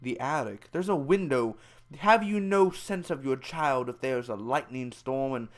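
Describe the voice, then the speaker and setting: A young man giving a casual, loud and excitable spoiler review, full of slang, who acts out the scenes with high squeals and screams. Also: unhurried. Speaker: movie reviewer.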